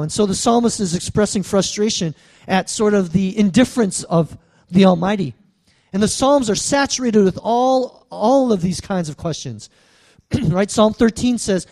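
High-voiced male pastor preaching. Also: lively intonation, normal speed, darkish tone. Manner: preaching with call-and-response asides to the congregation. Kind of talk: sermon.

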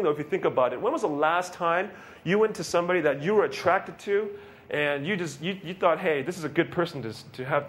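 A young man preaching a casual, conversational sermon, animated and often asking his listeners questions. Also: high voice. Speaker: pastor.

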